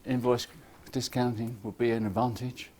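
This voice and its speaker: A man giving a lively, irreverent conference talk, joking with the audience and acting out what clients say. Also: mid-range voice, normal speed. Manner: acts out clients' lines in quoted voices. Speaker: conference speaker. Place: conference hall.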